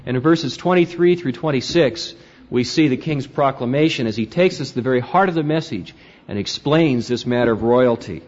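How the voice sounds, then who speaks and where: A man's voice: mid-range voice, lively intonation, brisk, darkish tone. A man preaching a sermon as pastor, reading scripture aloud and swinging widely in emphasis. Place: church sanctuary. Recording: dull, lo-fi sound with long church reverb.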